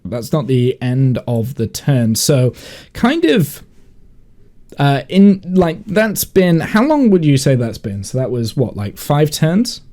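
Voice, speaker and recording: Slow, easygoing man running a game. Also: mid-range voice. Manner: relaxed, hesitant, many fillers. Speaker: game master. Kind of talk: narrating a tabletop game.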